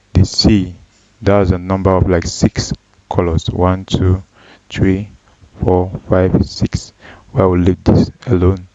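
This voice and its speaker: A man teaching a data analysis tutorial, walking through each step slowly with frequent ums and self-corrections. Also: low-pitched, warm tone, dry recording. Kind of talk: screen-recorded software tutorial. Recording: dull, dry lo-fi voice track.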